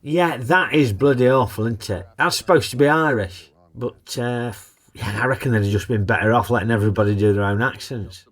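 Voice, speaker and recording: A man's voice: medium pitch, fairly quick. A man narrating a comic film review in a cheeky, sarcastic, colloquial way.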